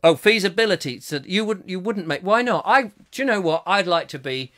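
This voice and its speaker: A man's voice: high voice, expressive, brisk, sharp tone. A man hosting a live comic chat show, rambling and jokey and often breaking off mid-sentence. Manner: rambling, jokey, self-interrupting. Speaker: host.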